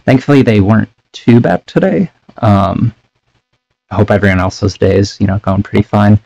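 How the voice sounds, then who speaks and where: A young man with a low, gravelly voice rambles in casual, apologetic chat as a first-time streamer. He talks into a cheap microphone, and the sound is close and dry. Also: normal speed, darkish tone, dry recording, muffled recording. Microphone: cheap desk microphone.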